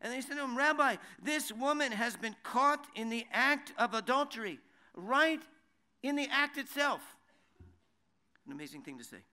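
High-pitched guy preaching a bible talk, lots of rhetorical questions, restarts a lot. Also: expressive, moderate pace, pushed and bright, smooth. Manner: reads verses in Hebrew then translates. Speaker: Bible teacher. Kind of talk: sermon.

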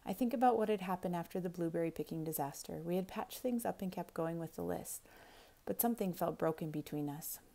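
Gravelly-voiced woman reading aloud. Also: on the low side, brisk, warm tone.

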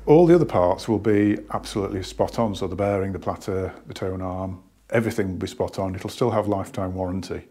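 Casual male vlogger, out of breath, low husky voice, hesitant and rambling. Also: brisk, hardly any pauses, warm tone. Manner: rambling, hesitant, many restarts. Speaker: hi-fi shop owner. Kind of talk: casual product talk to camera.

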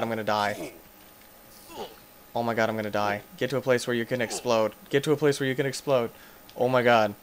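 A man hosting a gaming channel, giving let's play commentary as he plays, excitable and yelping and shouting in panic at the game's monsters. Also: mid-range voice, a little fast, pauses often, background noise.

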